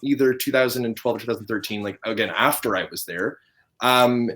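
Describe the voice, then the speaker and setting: A man in his thirties telling a story in casual chat as a podcast host, animated and laughing often. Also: medium pitch, a little fast.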